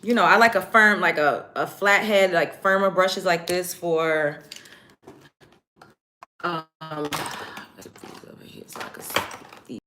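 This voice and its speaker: A woman hosting a casual get-ready-with-me live stream, chatting directly to her viewers in an animated way. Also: lowish voice, slow, long pauses, background noise.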